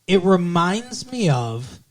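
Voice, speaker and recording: A man co-hosting a podcast, recapping a TV show in casual chat with animated, profane ranting and lots of fillers. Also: sits high, takes it slowly. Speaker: podcast co-host.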